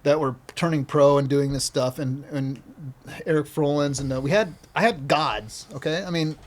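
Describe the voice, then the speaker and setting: Excitable man telling a story, fairly high voice. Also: moderate pace. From Minnesota, USA. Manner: excitable, repeats himself, acts out scenes. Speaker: podcast guest, skateboarder. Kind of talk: animated storytelling in casual conversation.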